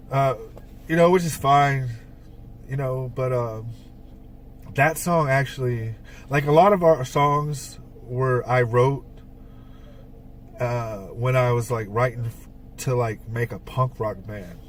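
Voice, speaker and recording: A man's voice: mid-range voice, fairly even intonation, slow, long pauses, distant mic, slight background noise. A man co-hosting a casual podcast, telling rambling stories about writing his band's songs, with lots of fillers and swearing. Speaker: podcast co-host and band songwriter. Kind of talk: casual chat.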